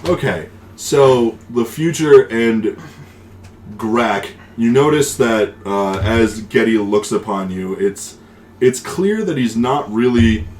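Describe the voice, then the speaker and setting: A man's voice: medium pitch, animated, slow pace, a little mellow, roomy sound, a little hiss or hum. A man narrating a tabletop game as game master, in a casual, rambling way with many fillers. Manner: casual, filler-heavy, laughs often.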